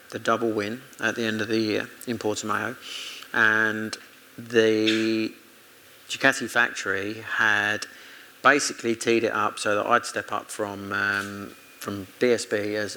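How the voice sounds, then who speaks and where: A man's voice: lowish voice, pushed and bright, rough recording. Chatty British man telling racing stories. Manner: chatty anecdotes with laughs and self-quoted dialogue. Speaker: guest, former motorcycle racer. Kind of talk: casual storytelling interview.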